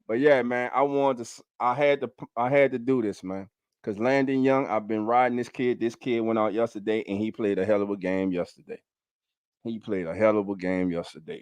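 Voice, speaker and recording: A man's voice: medium pitch, clear, resonant tone. A man hosts a casual livestream from a home setup, speaking with a mid-range voice. He hammers his points by repeating them and greets viewers in the chat. The sound is dry and close, with no room echo. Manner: emphatic, repeats key lines; hands out shout-outs to chat. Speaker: fan show host.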